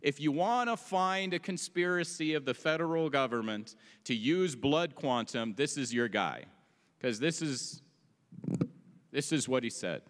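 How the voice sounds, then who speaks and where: A man's voice: on the high side, expressive, a little slow, a bit bright. Man lecturing casually in an echoey hall. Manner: casual, joking asides. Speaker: presenter. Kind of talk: informal history lecture. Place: meeting hall.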